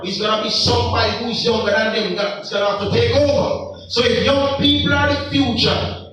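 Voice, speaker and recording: A man's voice: very high-pitched, a bit bright, very echoey, distant mic, rough recording. A Jamaican man giving an emphatic, preachy talk to young people, full of rhetorical questions. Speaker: speaker addressing young people. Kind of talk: impassioned motivational talk.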